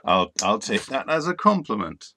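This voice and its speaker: A man's voice: lowish voice, big pitch swings, moderate pace, sharp tone. A man co-hosting a casual live-streamed talk show, joking around playfully and trailing off into fillers. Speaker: co-host.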